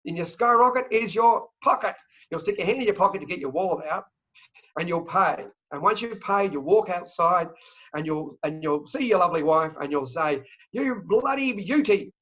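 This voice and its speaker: An Australian man talking fast and joking as a travel company sales director in an interview. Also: high voice, fairly bright tone. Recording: dull lo-fi audio.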